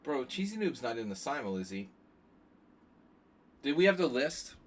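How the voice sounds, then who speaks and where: A man streaming chess, chatting casually and thinking out loud with joking asides to his viewers. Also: medium pitch, very animated, normal speed. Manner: chatty, thinking aloud, jokey asides to chat. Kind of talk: casual live-stream commentary.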